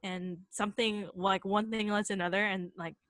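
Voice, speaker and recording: A woman co-host telling a friend's ghost story in a loose, rambling way, heavy with fillers and the odd swear word. Her voice sits at a middle pitch and sounds dry and close, with no room around it. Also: steady tone, normal speed, a bit bright, no echo, poor audio. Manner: casual, swears freely, many fillers. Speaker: podcast co-host. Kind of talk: casual chat, storytelling.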